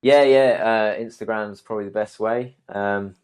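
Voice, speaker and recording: A young man talks in a loose, easygoing way, often pausing on ums and restarting his sentences. His voice sits a little low. He sounds like a guest answering questions on a chat show. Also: crowd noise. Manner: relaxed, many ums and restarts. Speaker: guest, arborist. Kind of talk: casual interview answers.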